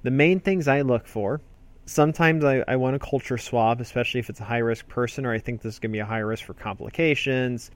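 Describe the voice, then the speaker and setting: A man's voice: mid-range voice, a little fast. A man, an emergency physician, teaching a medical procedure in a conversational, explanatory way. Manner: conversational, explanatory, with fillers and restarts. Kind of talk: spoken medical lesson.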